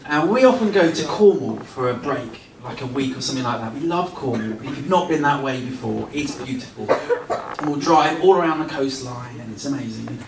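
A man giving a relaxed, self-deprecating sermon built around a family story, recorded in a church hall. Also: medium pitch, normal speed, heavy background noise. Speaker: pastor. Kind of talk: sermon with personal stories. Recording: roomy sound from a distance.

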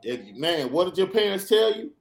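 A man's voice: high voice, sing-song, normal speed, gravelly, faint music behind. A man hosting a sports podcast, ranting with emphatic, sarcastic repetition. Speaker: podcast host. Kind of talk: animated sports podcast rant.

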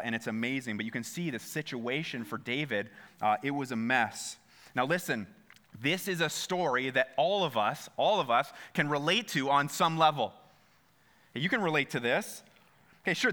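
A man's voice: mid-range voice, bright, forceful tone. A man preaching a sermon in a church, earnest, often repeating phrases and speaking straight to his listeners. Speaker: pastor.

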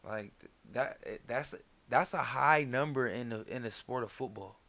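A man co-hosting a casual podcast, laid back and quick to chime in with agreement. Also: mid-range voice, gravelly, a bit bright. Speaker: podcast co-host. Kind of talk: casual chat.

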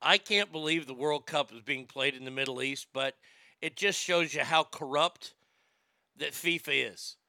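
A man's voice: on the high side, normal speed, pushed and bright, no echo, clean studio sound. A man hosting a comedic talk show, laughing often and stammering as he jokes crudely. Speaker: radio show host.

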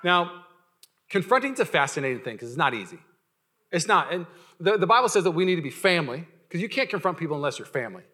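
A man's voice: on the high side, very animated, fast talker, pushed and bright. A young adult male pastor preaching a casual, joking sermon, full of fillers and restarts.

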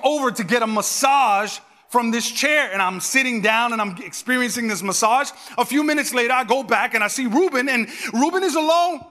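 Male pastor, 30s, lively storyteller. Addresses the congregation directly. High, bright voice with long reverb from a big church hall. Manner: animated, conversational, talks straight to the congregation. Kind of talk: storytelling sermon.

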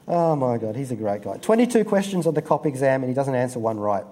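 A man's voice: mid-range voice, lively intonation, a little fast, warm tone. A man giving an amused, rambling review in a casual chat, full of fillers and asides.

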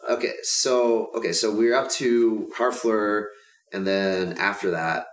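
A man's voice: fairly low pitch, fairly even intonation, a little slow, distant mic. A man in a casual chat about films, often restarting his sentences and eagerly agreeing. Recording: roomy, a bit off-mic.

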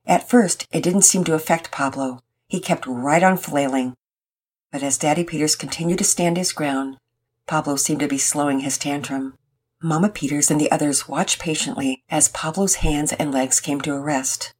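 A woman's voice: low voice, normal speed, darkish tone, breathy edge. A woman hosting and narrating a children's family story, reading it aloud. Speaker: storyteller and host.

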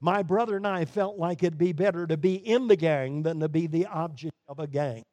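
A man from Brooklyn preaching a sermon, emphatic, with sudden swings between loud declarations and quiet, low lines. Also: moderate pace, no room sound. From Brooklyn, New York. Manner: emphatic preaching with sharp rises and drops in volume.

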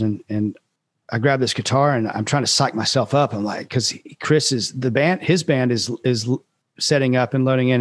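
A man's voice: medium pitch, no echo. A man, a musician guest telling a rambling story in a casual interview, with restarts and laughs.

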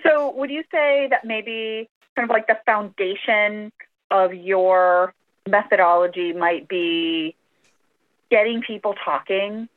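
A woman's voice: mid-range voice, steady tone, slow pace. A woman interviewer asking questions in a tentative, hedging way, heard over a phone line.

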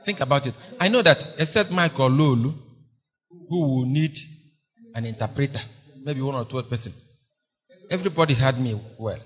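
A man's voice: medium pitch, normal speed, pauses often. A man preaching a sermon, impassioned and pleading, repeating phrases for emphasis. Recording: dull lo-fi recording.

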